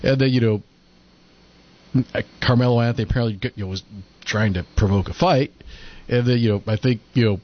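A man's voice: mid-range voice, a little fast, pauses often. A man chatting casually as a podcast co-host, retelling events and acting out quotes in mocking voices. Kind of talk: casual commentary chat. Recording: lo-fi muffled audio.

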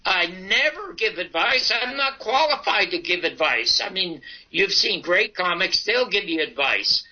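An animated, high-sitting voice belongs to a comedian and talk show host in his eighties, who tells a long story at a measured pace and acts out both sides of the dialogue. The broadcast audio is dull and lo-fi.

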